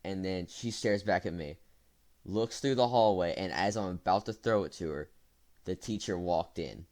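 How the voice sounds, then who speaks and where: Low-voiced young man telling a story. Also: normal speed, a little mellow. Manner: rambling, with fillers and self-corrections. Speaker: storytime vlogger. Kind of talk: casual storytelling.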